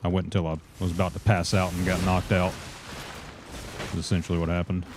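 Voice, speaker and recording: A man's voice: low voice, completely flat delivery, brisk, background noise. A young man with a Southern US accent, chatting folksily with viewers during a live game stream and calling them brother. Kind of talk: casual live gaming commentary.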